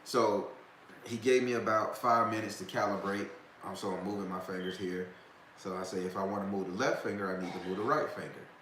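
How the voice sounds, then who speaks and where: A man's voice: on the low side, steady tone, fairly quick, fairly bright tone. A man hosting a live talk, telling a story in a loose, profane, casual way and laughing often. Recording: echoey room, faint background noise.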